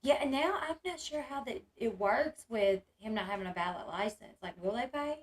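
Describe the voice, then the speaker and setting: A woman's voice: fairly high pitch, animated, normal speed. Chatty woman streaming. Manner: chatty, reads chat aloud, lots of "like" and "um". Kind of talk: casual livestream chat.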